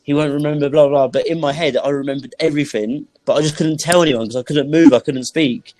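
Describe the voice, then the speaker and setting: A man's voice: fairly high pitch, brisk, darkish tone, dry recording. A man telling a personal story as a podcast guest, in a vivid, dramatic way that acts out sounds and his own thoughts. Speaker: motivational speaker, podcast guest.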